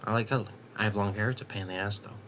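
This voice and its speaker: A young man vlogging in a late-night ramble at home, swearing casually and drifting into soft half-whispers. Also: on the low side, fairly even intonation, rapid-fire, a little hiss or hum.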